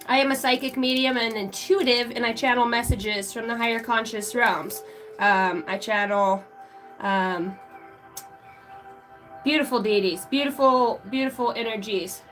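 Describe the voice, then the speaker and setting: Chatty, high-voiced country-accented woman. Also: fairly even intonation, a little slow, a bit bright, soft background music. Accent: American country. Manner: chatty, profane, greets chat viewers by name. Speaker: psychic reader and live streamer. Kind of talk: casual live-stream chat.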